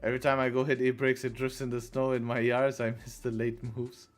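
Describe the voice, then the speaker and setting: A young man streams live trading in a completely flat, mid-range voice at a quick pace. Relaxed and talkative, he reads chat out loud and responds to viewers' questions while faint music plays behind him.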